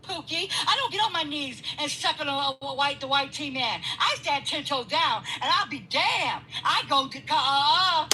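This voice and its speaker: A woman arguing heatedly on a live stream, profane and confrontational, with loud outbursts. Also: high voice, expressive, normal speed, hardly any pauses, a little hiss or hum, rough recording. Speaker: guest caller.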